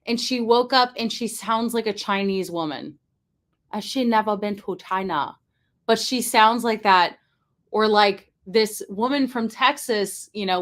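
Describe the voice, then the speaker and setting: A woman's voice: fairly high pitch, a bit bright. A young woman vlogging casually at home as she builds a model, thinking aloud, reacting and drifting into side tangents. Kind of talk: casual chat while building.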